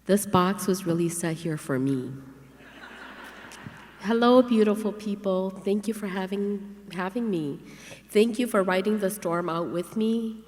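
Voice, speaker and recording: A woman's voice: mid-range voice, unhurried, a little mellow, slight background noise. Gracious woman author greeting a hall. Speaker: author and speaker. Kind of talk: conference talk. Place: conference hall. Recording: reverberant hall with faint music.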